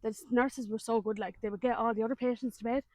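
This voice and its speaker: A woman's voice: fairly high pitch, fairly even intonation, fast talker, a little mellow, no echo. A woman in her thirties with an Irish accent, a guest animatedly telling a personal story in a casual, colloquial way.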